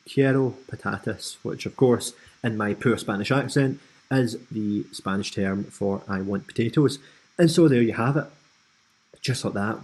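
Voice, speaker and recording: A Scottish man from Scotland hosting a screen-recorded software tutorial, explaining in a casual, friendly way with frequent ums and asides. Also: medium pitch, husky, low-quality recording. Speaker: tutorial host.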